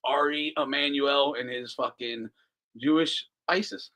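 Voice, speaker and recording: A man's voice: mid-range voice, measured pace, bright, forceful tone. A man hosting a casual live commentary stream, profane and mocking, laughing often. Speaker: host.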